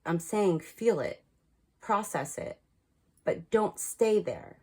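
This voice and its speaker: A woman's voice: medium pitch, animated, takes it slowly, warm tone. Frank, chatty woman reading oracle cards. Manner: frank and chatty, laughs at herself. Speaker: tarot card reader. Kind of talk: casual spiritual card reading.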